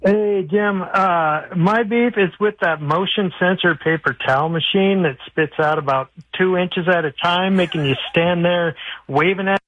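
A man's voice: high-pitched, a little slow. A man calling in to a radio show, complaining in a plain, slightly hesitant way. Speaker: caller. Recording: dull lo-fi phone line.

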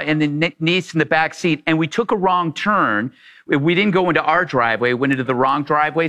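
Male show host, high and bright, animated storyteller. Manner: animated storyteller, mimics voices. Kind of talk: casual chat.

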